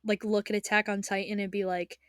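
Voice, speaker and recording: A woman's voice: mid-range voice, a little fast, smooth, no room sound, clean studio sound. A young woman ranting in a casual vlog as an anime fan, rambling and emotional, with frequent restarts and swearing. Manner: excitable, emotional. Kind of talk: casual spoken rant.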